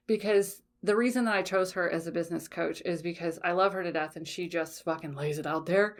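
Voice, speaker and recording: Frank, animated woman podcast host. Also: lowish voice, brisk, few pauses. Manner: frank, swears freely, keeps checking in with "okay?". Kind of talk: casual solo podcast talk.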